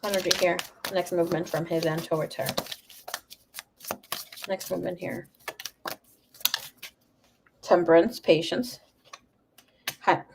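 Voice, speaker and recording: A woman's voice: lowish voice, steady tone, slow, creaky, pauses often, noisy background. A young adult woman giving a live tarot reading, talking frankly and swearing freely. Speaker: tarot reader.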